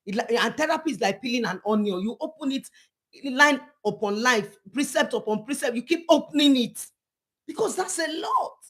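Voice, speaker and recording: High-voiced, impassioned woman counselor. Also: expressive, normal speed, fairly bright tone. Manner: emphatic and preachy, repeats phrases, pleading. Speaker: counselor and church speaker. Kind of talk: impassioned live talk to viewers.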